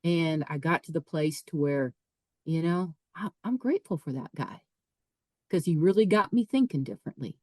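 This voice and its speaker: Middle-aged woman guest, low voice, dry close sound; emphatic storyteller who repeats herself. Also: normal speed, a little mellow, no echo. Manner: emphatic, repeats phrases, quotes her own thoughts aloud. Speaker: podcast guest. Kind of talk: personal storytelling.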